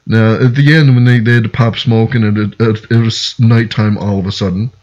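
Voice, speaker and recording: A man from Newfoundland co-hosting a casual podcast chat, relaxed and hesitant, pausing to think. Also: fairly low pitch. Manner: relaxed, hesitant, many ums and restarts. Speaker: podcast co-host. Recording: dull lo-fi sound.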